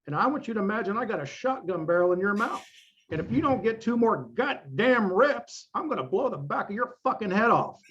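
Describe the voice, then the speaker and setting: A man's voice: sits high, big pitch swings, a little fast, fairly bright tone, muffled recording, pitched above the performer's own voice. A man putting on a menacing, foul-mouthed old trainer. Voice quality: harsh, threatening, crude. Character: fierce older male bodybuilding coach, menacing and profane.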